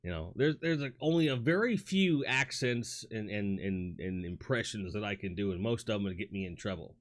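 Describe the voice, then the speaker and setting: A man's voice: fairly low pitch, lively intonation, normal speed. A man with a New York accent hosting a casual livestream from home on a studio mic, rambling, reading chat aloud, with lots of fillers and restarts. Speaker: livestream host. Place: home toy room. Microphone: studio microphone.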